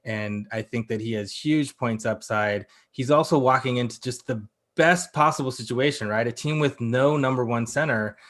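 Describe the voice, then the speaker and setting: A man's voice: medium pitch, moderate pace, few pauses, fairly bright tone. A man talking as a podcast guest in a casual, opinionated chat, restarting his sentences and hedging often. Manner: opinionated, frequent restarts and hedges.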